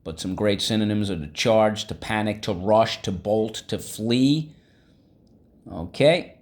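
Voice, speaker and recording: Slow, low-voiced man teaching vocabulary. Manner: upbeat, coaxing, repeats words for students to echo. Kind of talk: vocabulary lesson to students.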